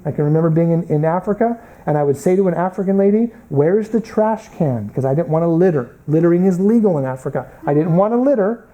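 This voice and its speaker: A man's voice: on the high side, animated, fast, few pauses, warm tone, poor audio. An American man teaching a Bible college class, lecturing through stories and acting out the people in them. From United States. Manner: storytelling, acts out quoted people.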